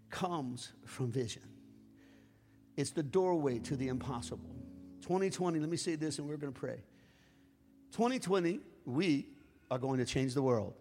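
High-voiced, shouting preacher. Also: male voice, big-room sound. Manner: impassioned preaching, swinging between shouting and quiet asides. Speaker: pastor. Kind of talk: sermon. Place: church.

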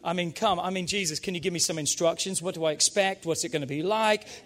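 Male pastor, high-pitched voice, fervent emphatic sermon delivery. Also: quick pace, few pauses. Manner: energetic, emphatic preaching with call-and-response urging.

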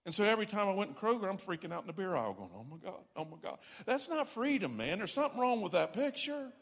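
A man delivers an emphatic, folksy sermon, often self-deprecating. His voice sits on the higher side. A long reverb from a big hall trails his words. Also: big pitch swings, fast, creaky. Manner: folksy, self-deprecating, emphatic preaching with repeated "I'm telling you". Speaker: pastor.

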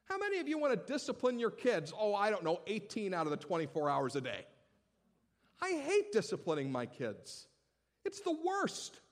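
Male pastor, conversational and funny sermon delivery, lively up-and-down voice. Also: sits high, normal speed. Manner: animated, humorous, conversational.

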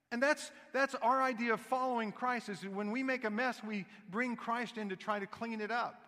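A man delivers a sermon in an animated, storytelling way, breaking into little voiced asides. His voice sits high and bright. The sound carries a long hall reverb, as in a church sanctuary. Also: normal speed, hardly any pauses. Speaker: pastor.

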